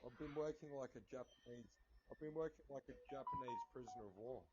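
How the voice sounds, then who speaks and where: A man's voice: mid-range voice, steady tone, fast talker, a little mellow, slightly rough, dry recording, highs cut off. A man with an Australian accent calling in to a podcast, laid-back and joking. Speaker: caller. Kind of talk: casual phone-in chat.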